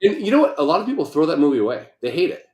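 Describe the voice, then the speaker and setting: A man's voice: fairly high pitch, big pitch swings, racing, darkish tone, roomy sound. A man co-hosting a podcast, rambling and joking with plenty of swearing. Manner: rambling, profane, jokey. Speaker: podcast co-host. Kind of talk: casual chat.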